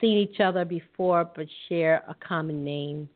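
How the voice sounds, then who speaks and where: A woman co-hosting a phone-in call, speaking gently and reassuringly to callers. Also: fairly low pitch, moderate pace. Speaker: co-host. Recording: tinny phone-line audio.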